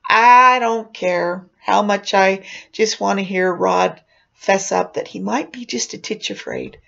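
A woman's voice: medium pitch, slow, creaky, a bit bright. A woman telling a spooky personal story dramatically, dropping into whispers for suspense. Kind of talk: oral storytelling. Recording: dull lo-fi recording.

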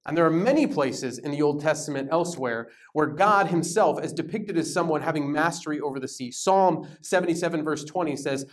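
A man leading a Bible study, teaching in a lively, conversational way and giving verses dramatic emphasis. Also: fairly high pitch, brisk, few pauses. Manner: animated, emphatic, reads verses aloud with dramatic stress. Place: church meeting room.

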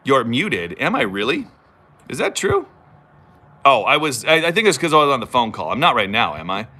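Lively, bright-voiced man chatting. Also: mid-range voice, moderate pace, breathy edge. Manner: chatty and self-teasing, rambling asides. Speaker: YouTube vlogger hosting a live stream. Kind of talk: casual live-stream chat, reading viewer comments.

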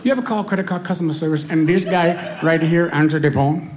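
Storytelling stand-up comic, fairly high voice. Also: male voice, a little fast, a crowd in the background. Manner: conversational, animated storytelling. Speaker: stand-up comedian. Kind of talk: stand-up comedy. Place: comedy stage before a live audience.

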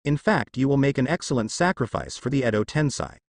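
A man's voice: medium pitch, lively intonation, a little fast, no room sound, lightly acted. A man voicing a cruel, smirking young male ninja who taunts his victims, speaking in a dry, close voice. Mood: taunting. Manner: cold, taunting.

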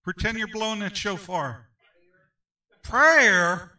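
A man's voice: fairly high pitch, expressive, normal speed, bright, forceful tone, recorded from a distance, rough recording. Male pastor leading Sunday school; brassy, ringing voice, emphatic call-and-response, picked up from across the room. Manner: emphatic, repeats phrases, calls for amens.

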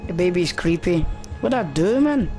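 A man plays through a horror game and mutters his way along at a slow, drawn-out pace. He sounds nervous and spooked. Clear game music plays behind him the whole time. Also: high-pitched. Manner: nervous, frightened muttering to himself. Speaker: gaming channel host. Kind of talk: horror game let's play commentary.

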